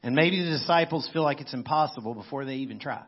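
A man's voice: mid-range voice, fast, hardly any pauses, highs cut off. A man preaching a sermon in a conversational way, as if thinking aloud. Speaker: pastor.

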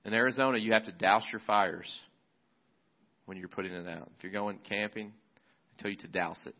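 A man's voice: lowish voice, fairly even intonation, normal speed. A male pastor preaching a sermon in a casual, conversational storytelling manner. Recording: slightly muffled recording.

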